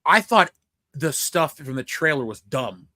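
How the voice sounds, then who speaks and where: A young man co-hosting a casual film review chat, excitable and rambling, swearing freely. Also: fairly high pitch, measured pace, dry recording. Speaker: podcast co-host.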